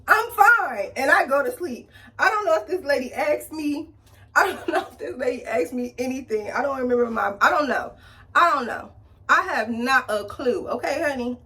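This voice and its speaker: Chatty woman vlogger telling a story over her makeup, animated, acting out every voice in it, higher-pitched and a little off-mic. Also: moderate pace, distant mic. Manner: animated, acts out quoted people with big pitch jumps. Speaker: beauty vlogger. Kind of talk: casual storytelling while doing makeup.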